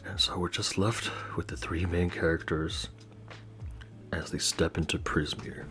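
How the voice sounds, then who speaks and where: A man running a tabletop game as game master, chatting casually, then narrating scenes slowly and deliberately. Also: sits low, fairly even intonation, over music.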